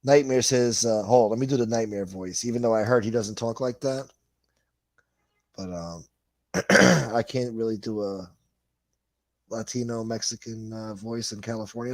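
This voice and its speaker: A man's voice: fairly low pitch, steady tone, normal speed, no room sound. A middle-aged man, hosting a livestream and reading chat comments in a blunt, profane, rambling way. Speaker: livestream host.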